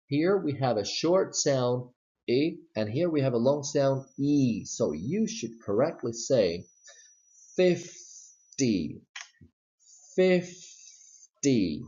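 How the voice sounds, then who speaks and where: A man with a Southern US accent teaching English pronunciation, modeling words slowly and repeating them. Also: medium pitch, mellow. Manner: slow, modeling words with exaggerated repetition. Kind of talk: slide-based pronunciation lesson. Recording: dull lo-fi recording.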